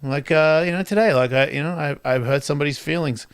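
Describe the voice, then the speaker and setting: A man's voice: fairly high pitch, quick pace, clear, resonant tone, dry recording, studio quality. A man hosting a radio talk show, musing candidly in a rambling way with lots of fillers and restarts. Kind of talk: reflective casual monologue.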